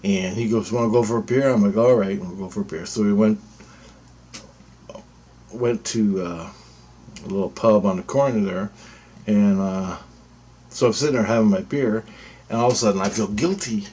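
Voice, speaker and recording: Man, husky voice, lowish pitch, rambling storyteller, casual swearing. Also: moderate pace, pauses often, a little mellow. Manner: rambling, repetitive, swears freely. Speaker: vlogger.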